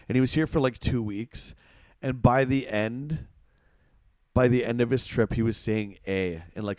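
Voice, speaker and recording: A man's voice: on the low side, dry recording. Middle-aged Canadian male streamer, Ontario accent, chatty, dry close mic. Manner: chatty, reads chat aloud, reacts to gameplay. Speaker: game streamer. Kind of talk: casual live-stream chat.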